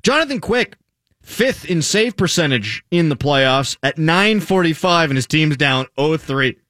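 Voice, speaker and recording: A man hosting a sports talk radio show, sarcastic and animated, reading stats with mock drama in casual banter. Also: fairly high pitch, a little slow, no echo, studio quality.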